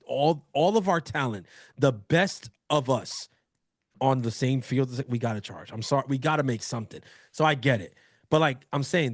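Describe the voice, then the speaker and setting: A man in his thirties from the United States, co-hosting a casual sports podcast in an excitable, animated way. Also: mid-range voice, no echo, clean studio sound. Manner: animated, excitable, laughs often. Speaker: co-host.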